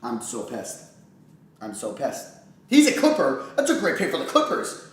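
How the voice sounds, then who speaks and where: A man streaming a live reaction, excitable and emotional, swearing when things go wrong. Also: medium pitch, normal speed, a little hiss or hum. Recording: echoey room.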